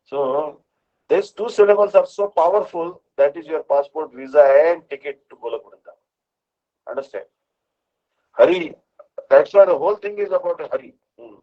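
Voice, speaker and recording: Man preacher, slightly higher pitch, homely examples, dull recording. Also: animated, normal speed, long pauses, warm tone. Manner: explains with homely examples, chants mantras. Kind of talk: devotional sermon. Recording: dull lo-fi sound.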